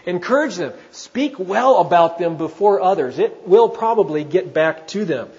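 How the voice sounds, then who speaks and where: A man preaching from the pulpit, with a voice that sits a bit high for a man. He talks in a conversational way and puts questions to his listeners. The recording is dull and lo-fi. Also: animated, moderate pace, darkish tone. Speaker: pastor. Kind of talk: sermon.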